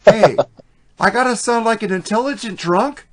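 A man's voice: high voice, moderate pace, a crowd in the background. A man co-hosting a casual album review podcast, blunt and profane, laughing often. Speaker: podcast co-host.

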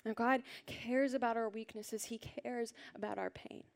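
Woman giving a sermon, slightly high voice, earnest and gentle, keeps dropping into soft almost-whispers. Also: fairly even intonation, a little slow, creaky. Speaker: preacher. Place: church hall with a congregation.

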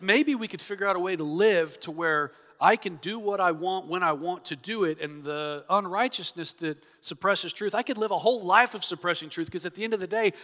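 This pastor's voice sits high and sounds sharp as he gives an expository sermon, earnestly and emphatically acting out the objections he quotes. The recording carries the long reverb of a church hall.

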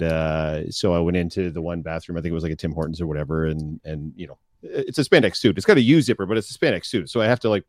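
A man's voice: sits low, dry recording, clean studio sound. A middle-aged man co-hosting a podcast, telling stories in casual chat and acting out the voices. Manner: animated storyteller, acts out voices in anecdotes. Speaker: podcast co-host.

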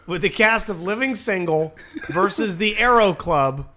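Bright-voiced profane podcast host. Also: male voice, sits high, animated, moderate pace. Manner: rambling, profane, laughs at his own jokes. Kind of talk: crude comedic wrestling podcast banter.

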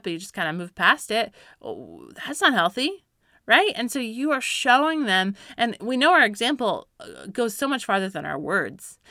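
Bright-voiced mother giving faith-based parenting advice. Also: mid-range voice, dry recording, studio quality. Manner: earnest and encouraging, with light laughs and filler words. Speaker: Christian parenting speaker, mother.

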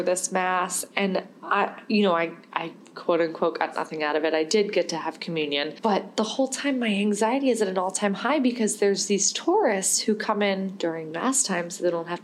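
A woman's voice: mid-range voice, a little hiss or hum. A young woman hosting a podcast, telling a personal story in a candid, rambling way and laughing now and then. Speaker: podcast host.

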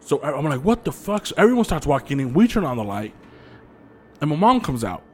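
A man tells a spooky story to his podcast co-hosts in a loose, casual chat. His voice sits a little high and swings widely up and down as he acts out moments. The talk is profane, animated and full of laughter. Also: brisk, a little hiss or hum. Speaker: podcast co-host.

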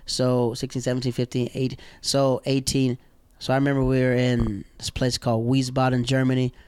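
Young Southern man, mid-pitched, lively raconteur, dry closely miked sound. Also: normal speed, clean tone, no echo. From American South. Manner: animated, acts out quoted people in high voices, slangy. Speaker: guest telling stories. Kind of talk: casual storytelling chat.

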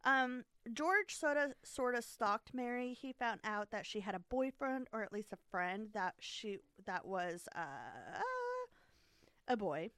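A woman's voice: medium pitch, expressive, takes it slowly, fairly bright tone, smooth, no echo. A woman casually retelling a history story to a friend, chatty and giggly with frequent fillers and restarts. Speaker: podcast co-host telling a history story.

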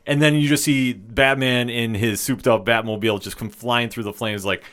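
A man's voice: medium pitch, fairly even intonation, moderate pace, fairly bright tone, clean tone. A man hosting a casual film discussion podcast, steering the talk and putting questions to his co-hosts.

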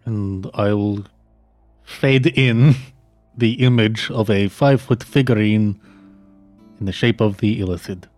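A man's voice: fairly low pitch, unhurried, darkish tone, no echo, faint music behind. Playful man joking at a game table. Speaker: player.

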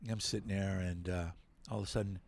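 A middle-aged man, a guest on a talk show, telling a long story in a lively way, swearing freely and acting out the other people in it. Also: deep voice, quick pace, vocal fry, a little hiss or hum. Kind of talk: animated storytelling.

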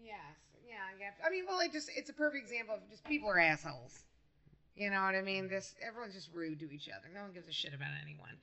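A woman co-hosting a casual movie podcast, talking in an animated way and laughing easily. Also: mid-range voice, quick pace. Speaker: podcast co-host.

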